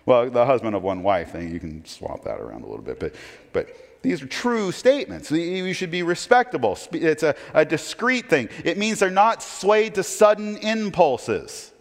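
A man's voice: on the high side, sing-song, normal speed. Middle-aged man, pastor, conversational sermon full of rhetorical questions, reverberant church hall sound. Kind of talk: expository sermon.

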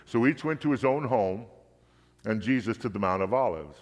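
A man reading scripture aloud with steady, measured narration. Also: fairly low pitch. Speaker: scripture reader. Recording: long hall reverb.

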